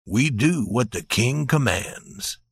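A man voicing a remorseful rancher husband in a low, quiet voice. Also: lively intonation, takes it slowly, vocal fry, slightly rough, dry recording, studio quality, full character voice. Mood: calm.

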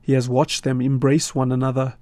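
A man reporting a radio news feature in a measured, scripted voice-over from a studio. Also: mid-range voice, no room sound. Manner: measured, steady delivery.

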